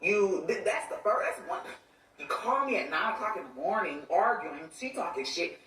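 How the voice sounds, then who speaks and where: A woman's voice: on the low side, big pitch swings, moderate pace, a bit bright. A woman ranting on a livestream, venting with irritation and breaking off now and then to talk to people beside her. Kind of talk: livestream rant. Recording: echoey room voice from a distance.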